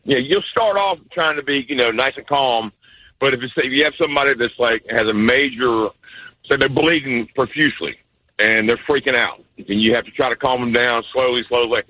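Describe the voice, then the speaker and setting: Man, radio caller, EMT, husky bright voice, hesitant easygoing talk. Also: medium pitch, a little fast, no room sound, muffled recording. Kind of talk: phone-in conversation.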